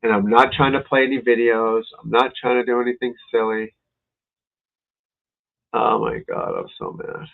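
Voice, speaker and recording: A man with a gravelly, creaky voice grumbles and swears as he chats casually with his viewers. The audio sounds thin and phone-like, as on a lo-fi livestream. He keeps up a running exasperated mutter. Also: mid-range voice, very animated, moderate pace, pauses often. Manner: exasperated muttering and cursing to himself. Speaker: golf instructor and show host. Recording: tinny phone-like lo-fi stream audio.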